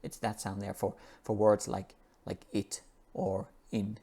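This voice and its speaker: A man teaching English pronunciation, reading an article aloud and slowly repeating the sounds in each word. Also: lowish voice, flat delivery, gravelly, warm tone, slightly rough. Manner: slow and repetitive, drawing out and repeating sounds.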